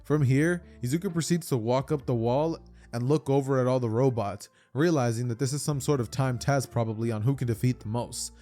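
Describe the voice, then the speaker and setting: A man narrating a fan-made story in a loose, slangy, chatty way, stumbling over and restarting his phrases. His voice is mellow and soft-edged, at an ordinary pitch, with faint music underneath. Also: fairly quick. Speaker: YouTube storyteller. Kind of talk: casual fan-fiction retelling.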